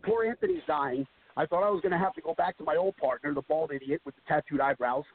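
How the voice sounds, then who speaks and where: A man, a wrestler guest on a podcast, telling a comic story with animated delivery. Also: fairly high pitch, fast, husky. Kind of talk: casual podcast chat. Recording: tinny phone-like line, faint hiss.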